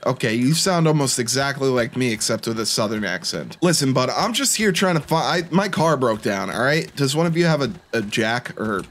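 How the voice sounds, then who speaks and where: Joking, animated young male gamer. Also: medium pitch, brisk, few pauses. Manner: joking, self-deprecating, excitable. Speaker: gaming YouTuber. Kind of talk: let's-play commentary.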